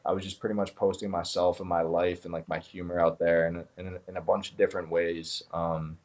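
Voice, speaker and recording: Young man, deep low voice, casual podcast chat, remote call. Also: flat delivery, a little fast, darkish tone. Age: young adult. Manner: laid-back, filler-heavy, self-described sarcastic. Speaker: guest, content creator.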